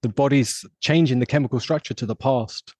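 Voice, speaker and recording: A man's voice: mid-range voice, a little fast, a little mellow, no room sound. An English man hosting a podcast, talking through his ideas at length in a casual, reflective conversation. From England. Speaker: podcast host.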